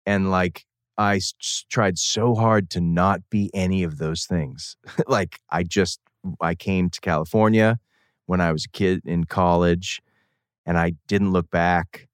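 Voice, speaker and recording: Low-voiced man telling stories. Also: measured pace, clear, resonant tone, no room sound, clean studio sound. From New England, outside Boston. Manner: rambling, animated storytelling with laughs and self-corrections. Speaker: guest musician. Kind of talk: casual interview talk.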